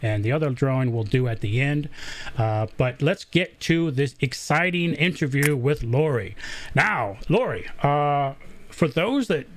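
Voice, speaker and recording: A man's voice: mid-range voice, animated, a little slow, a little hiss or hum. A middle-aged man hosting a casual live interview, joking and chatty with many fillers and restarts. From Southern US. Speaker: host.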